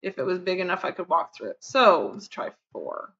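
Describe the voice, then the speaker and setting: A woman's voice: fairly low pitch, very animated, normal speed, a bit bright, dull audio. A woman streamer chatting casually to her viewers while she plays, rambling and counting under her breath. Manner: chatty, rambling, talks to chat while fiddling. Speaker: game streamer. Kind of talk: casual live-stream chat.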